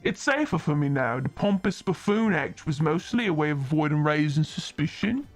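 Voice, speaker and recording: A woman voicing a calm, guarded man at a bar, reading game dialogue in a measured, patient way. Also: low voice, soft background music, voice pushed down. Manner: measured, explaining himself patiently.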